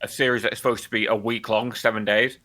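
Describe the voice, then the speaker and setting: A man's voice: lowish voice, level tone, fast talker, pushed and bright. A young man co-hosting a podcast, talking bluntly in casual chat with lots of swearing and filler words. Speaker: podcast co-host.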